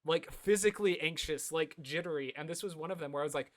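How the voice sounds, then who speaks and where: A man with a fairly high voice talks through a cartoon episode with his co-host. He is animated and chatty, often jumping up in pitch to quote lines. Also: quick pace. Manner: animated, jumps into high voices when quoting. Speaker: podcast co-host. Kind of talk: casual chat recapping a cartoon episode.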